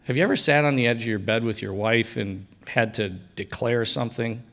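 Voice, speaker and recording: A middle-aged man giving a personal faith testimony at a breakfast event, telling his story and dropping quiet for quoted lines. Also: mid-range voice, a little fast. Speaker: guest speaker sharing testimony. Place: banquet hall at a breakfast event.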